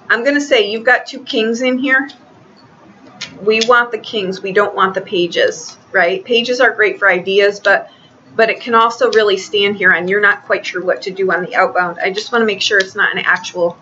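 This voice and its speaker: A woman reads tarot cards in a loose, chatty way, often stopping and restarting her sentences. Her voice is bright and forward. The recording sounds a little dull, with faint noise behind her. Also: mid-range voice, fairly even intonation. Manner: chatty, halting, many restarts. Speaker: tarot reader. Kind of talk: casual tarot reading.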